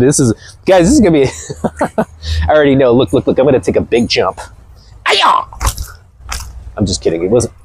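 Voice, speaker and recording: A man in his forties hosting a casual vlog rant, loud and energetic and quick to laugh. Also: mid-range voice, husky, no room sound. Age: 40s. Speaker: motivational video host.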